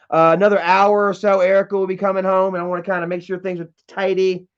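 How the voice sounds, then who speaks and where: A man's voice: sits high, level tone, fast, few pauses, dull audio. A man livestreaming from home, reading chat messages aloud and ranting in a heated, profane way. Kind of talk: casual livestream rant.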